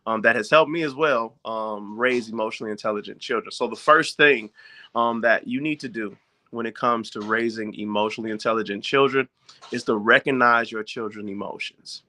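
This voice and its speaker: A man with a bright, forceful voice talks straight to his viewers about raising children. He sounds informal and direct, and he keeps checking that his listeners are following along. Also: lowish voice, a little fast. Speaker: parent giving parenting advice. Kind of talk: casual talk to viewers.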